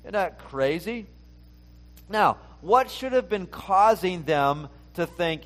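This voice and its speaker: A man's voice: high-pitched, animated, slow pace, a bit bright. A male pastor preaching a conversational sermon, talking casually and asking the listeners many rhetorical questions.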